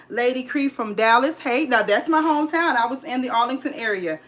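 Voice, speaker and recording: A woman's voice: high voice, animated, brisk, a bit bright. A woman, bubbly and hyped, greeting viewers on a home decor livestream. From California. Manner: bubbly, hyped, calls viewers sis and honey. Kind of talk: live-stream chat. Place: home, indoors.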